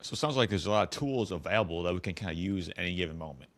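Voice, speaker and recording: Deep-voiced fast-talking male host. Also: lively intonation. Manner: agreeable, sums up the guest's points. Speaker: podcast host. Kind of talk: casual interview conversation.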